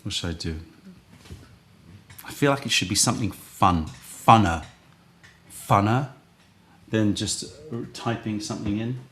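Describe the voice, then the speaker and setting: Hosting a live stream where he sells tea, a man chats casually and thinks aloud, rambling between giveaways. His voice is on the low side, animated and fairly bright. He speaks a little slowly.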